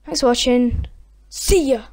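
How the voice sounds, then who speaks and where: A woman calls her own basketball video game live for her gaming channel from a room in her house, excitable and talkative as she cheers good plays and groans at bad ones. She speaks in a fairly high voice, a little slowly, while friends chat in the background.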